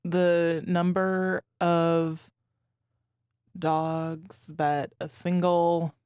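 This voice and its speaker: A laid-back, cheeky dog answers interview questions with a straight face, as a young woman plays it. The delivery is deadpan and halting, full of fillers. The studio sound is dry and close. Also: on the low side, clear, resonant tone, dry recording. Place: radio studio.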